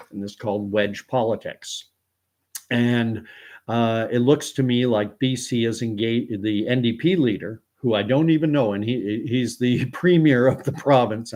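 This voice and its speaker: A man's voice: fairly low pitch, a little mellow. A man in his fifties, from Canada, hosting a casual live stream of news commentary, rambling with many fillers and chuckles. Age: 50s.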